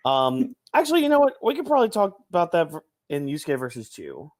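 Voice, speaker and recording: A man co-hosting a casual review podcast, swearing freely and mocking crowds with loud put-on voices. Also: fairly high pitch, fast talker, no room sound, studio quality. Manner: profane, animated, mocks crowds in shouted put-on voices. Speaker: podcast co-host.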